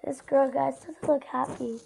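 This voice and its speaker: A woman's voice: high voice, steady tone, a little slow, gravelly, mellow, poor audio. A female YouTuber chatting casually to viewers while narrating her gameplay in a rambling way. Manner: chatty and rambling, often addresses viewers directly. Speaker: gaming YouTuber.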